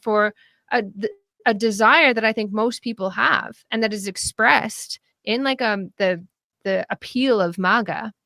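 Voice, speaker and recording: Animated, high-voiced woman discussing politics. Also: no room sound, clean studio sound. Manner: animated, laughing often, many restarts and fillers. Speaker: podcast guest.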